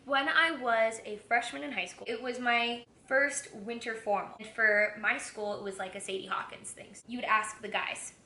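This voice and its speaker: A young woman with a bright, forceful voice talks loosely and giggles between stories as she cooks. She swears without a second thought. The kitchen rings with echo, and a faint room hum sits behind her. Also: a little high, fairly even intonation, normal speed, few pauses. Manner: candid, giggly and profane. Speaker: vlogger. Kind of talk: casual chat. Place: home kitchen.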